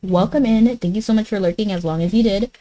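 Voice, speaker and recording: A woman's voice: medium pitch, quick pace, mellow, poor audio. A woman streaming a game, chatting casually and giggling as she answers her chat. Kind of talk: casual live-stream chat while gaming.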